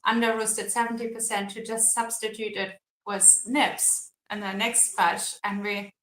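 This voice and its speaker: A woman's voice: mid-range voice, level tone, fairly bright tone. Woman explaining a recipe in echoey room. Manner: measured, explanatory with fillers. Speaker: chocolate maker. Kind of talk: casual interview chat. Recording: echoey room with faint noise.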